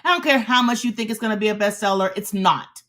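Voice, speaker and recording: A woman's voice: medium pitch, fast, sharp tone. A woman preaching a sermon as a show host, emphatic and repetitive as she urges on her listeners.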